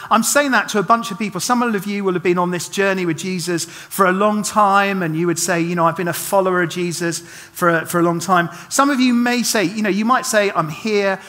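A man's voice: high voice, bright, forceful tone. A middle-aged man, preaching a chatty, self-deprecating sermon full of humorous asides and restarts. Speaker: pastor. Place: church hall. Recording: long reverb of a church hall.

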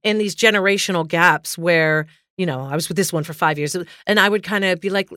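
Bright, bantering woman. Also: on the low side, dry recording, clean studio sound. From New Jersey, USA. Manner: quick, bantering, laughs readily. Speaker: podcast co-host. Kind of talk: casual podcast chat.

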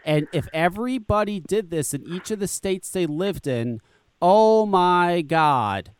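Co-hosting an animated advocacy talk show, a man argues emphatically and profanely, repeating words as he presses his point. His high-pitched voice is expressive and moves at normal speed, recorded dry.

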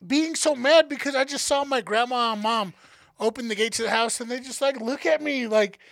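A man co-hosting a podcast, telling stories in a casual, animated and profane way. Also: extremely high pitch, brisk, gravelly, no room sound. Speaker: podcast co-host. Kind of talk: casual storytelling chat.

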